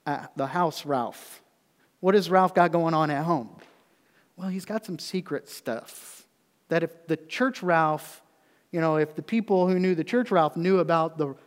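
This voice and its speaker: A man delivers a sermon with a fairly high voice, talking to the congregation like a conversation before lifting into emphatic peaks. The sound hangs in a long church reverb. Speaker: pastor. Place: church sanctuary.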